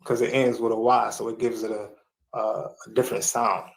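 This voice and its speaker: A man's voice: on the low side, level tone, moderate pace, vocal fry, rough recording. A man speaking as a guest on a video call, informal and casual, pushing back with questions. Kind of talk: casual debate on a stream call.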